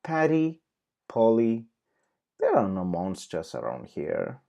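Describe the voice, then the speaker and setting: A woman voicing a calm mother pig who soothes her children, for a children's storybook. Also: extremely low pitch, takes it slowly, gravelly, dull audio, heavily acted. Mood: soothing. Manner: soothing and gentle.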